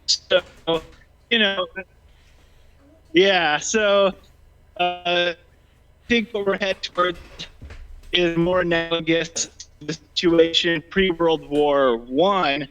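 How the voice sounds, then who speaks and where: A man's voice: high-pitched, fairly even intonation, slow pace, pauses often, a bit bright, soft background music. Man, casual debate, slightly out of breath, hesitant, lots of ums, muffled lo-fi audio. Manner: hesitant, many ums and restarts. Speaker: debate guest. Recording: dull lo-fi sound.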